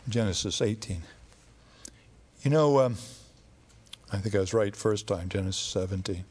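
A man preaching a sermon in a relaxed, conversational storytelling way, with occasional fillers. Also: lowish voice, normal speed, slightly rough.

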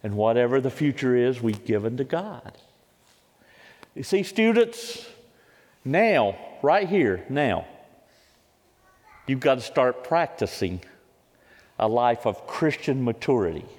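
A man in his fifties delivers a sermon as personal testimony, pressing hard and rising into loud, pleading cries. His voice has an ordinary middle pitch for a man. It carries a long reverb off the walls of a large hall. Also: lively intonation, slow pace, pauses often. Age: 50s. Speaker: preacher.

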